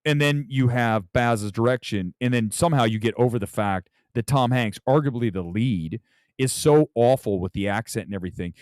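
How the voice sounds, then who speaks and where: A man hosting a casual movie talk livestream, loud, profane and rambling. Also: mid-range voice, normal speed, no room sound, clean studio sound. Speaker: movie talk show host.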